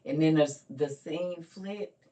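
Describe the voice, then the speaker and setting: A woman's voice: low-pitched, slow pace, mellow, recorded from a distance, low-quality recording. An older woman, a grandmother, chatting in a morning vlog, tired and weak, telling stories and calling viewers y'all and honey. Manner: chatty storytelling, Southern Black vernacular, calls viewers y'all and honey. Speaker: vlogger. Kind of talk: casual morning vlog chat.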